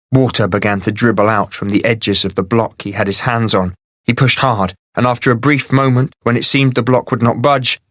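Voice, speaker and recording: A man narrating a fantasy novel at a measured, steady pace. His voice sits in a plain middle pitch and comes across close and dry, with no room around it. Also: no room sound. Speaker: audiobook narrator. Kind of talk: scripted narration.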